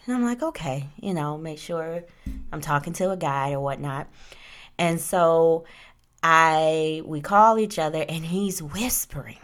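A young adult woman hosting a casual podcast who tells lively stories and acts out the quotes. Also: low voice, a little slow. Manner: animated, acts out quotes, talks with "like" and "right?". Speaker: podcast host. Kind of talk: casual storytelling chat.

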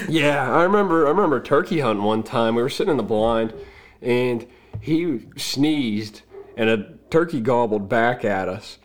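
A man's voice: mid-range voice, expressive, normal speed. A man speaks as a podcast guest in an easygoing, anecdotal way. His voice sits in an ordinary middle register, and he tells stories casually, chuckling at his own punchlines. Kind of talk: casual storytelling.

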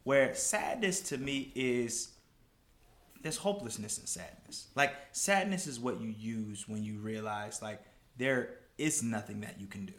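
A man's voice: mid-range voice, a little slow, roomy sound. A man hosting a casual podcast chat, talking emphatically and animatedly. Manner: animated, emphatic, talks with "like" a lot. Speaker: podcast host.

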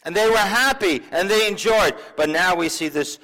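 A male pastor delivers a sermon with a slightly raised pitch, talking to the congregation in an easy, conversational way. He drops in asides and asks the listeners questions as he goes. His voice rings out in a church with a long, lingering reverb. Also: moderate pace, few pauses, pushed and bright. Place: church sanctuary.

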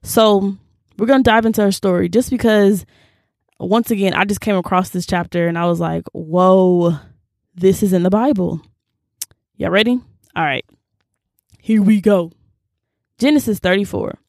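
A young woman hosting a casual Bible reading, expressive and slangy, reacting aloud as she reads. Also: mid-range voice, normal speed, gravelly, long pauses, dry recording, clean studio sound. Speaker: video host.

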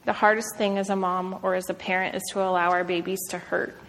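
A woman in her thirties, a mother, gives a heartfelt devotional talk to a large room of women, peppering it with "like" and "um." Her voice is on the low side and fairly bright, with a flat, fairly quick, earnest and conversational delivery. The hall's long reverb carries her words.

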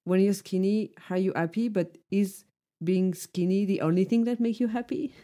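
A woman's voice: mid-range voice, steady tone, moderate pace, mellow. A woman co-hosting a podcast, speaking earnestly in casual chat and filling her sentences with "like". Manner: frequent "like" fillers, earnest. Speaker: podcast co-host.

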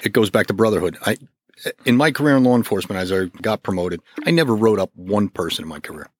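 Fast-talking man with a teasing lilt. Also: lowish voice, expressive, no echo. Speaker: podcast co-host, retired police officer. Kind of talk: casual chat.

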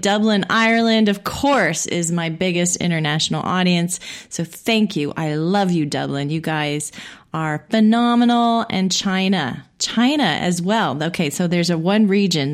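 A middle-aged woman from Indiana hosting a podcast, making casual, friendly, self-deprecating announcements. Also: mid-range voice. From Indiana, USA. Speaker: podcast host.

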